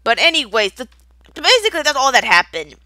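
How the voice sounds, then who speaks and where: A woman's voice: high voice, sing-song, a little fast, sharp tone, no echo. A young woman in an unscripted rant, angry and profane, rambling with stutters and restarts. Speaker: video creator.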